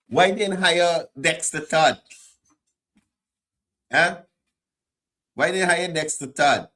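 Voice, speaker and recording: Guyanese guy hosting political talk, slow drawl, keeps asking why over and over, teasing. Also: fairly high pitch, bright, forceful tone. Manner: mocking, repeats rhetorical questions. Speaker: host. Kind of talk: political commentary.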